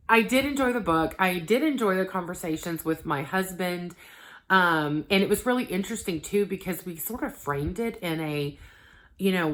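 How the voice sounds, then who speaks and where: Woman, 30s, low voice, casual book vlog chat, filler words, animated asides. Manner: chatty, frequent ums and likes, animated when quoting. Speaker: book vlogger.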